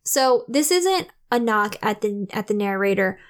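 A woman co-hosting a casual book review chat, animated and playful, laughing often. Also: medium pitch, unhurried. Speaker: podcast co-host, book reviewer.

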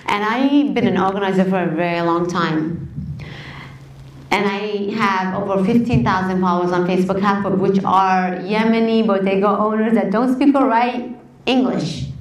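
Woman, activist storyteller, heartfelt and conversational; distant mic, echoey room. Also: medium pitch. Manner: impassioned, conversational, emotional. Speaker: community activist and organizer. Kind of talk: personal storytelling talk to an audience.

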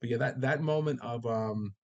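A man talking loosely on a podcast, bursting into quick acted-out reactions and casual swearing. His voice sits at a middle pitch for a man. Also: dull audio. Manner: animated, swears freely, acts out characters' reactions. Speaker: podcast co-host. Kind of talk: casual chat about a TV episode.

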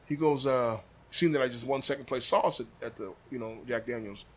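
A man from Des Moines telling a story casually, acting out quotes with big jumps in his voice. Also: a little fast. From Des Moines, Iowa. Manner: animated, acts out quotes with big pitch jumps. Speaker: barbecue sauce maker, podcast guest.

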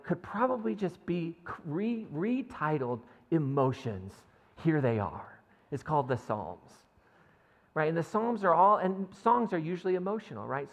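Gravelly man preaching in a hall. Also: a little high. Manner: conversational, keeps asking "right?" and reading scripture aloud. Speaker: pastor. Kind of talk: sermon. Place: church sanctuary.

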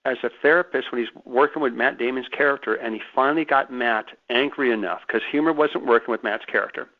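A man speaks as a guest on a radio show, his voice sitting in an ordinary middle pitch. He tells his stories emphatically and with animation, stumbling over repeated words as he pushes ahead. The sound is thin and phone-like. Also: fast. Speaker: guest author. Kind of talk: radio interview.

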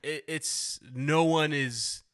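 A man co-hosting a casual podcast chat, animated and quick to laugh. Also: a little high. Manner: animated, laughing, swearing freely. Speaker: podcast co-host.

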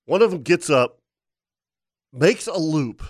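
A man's voice: on the high side, takes it slowly, breathy edge, no echo, clean studio sound. A man, a charter fishing captain, telling a story in casual talk-show chat. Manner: animated storyteller who laughs as he talks.

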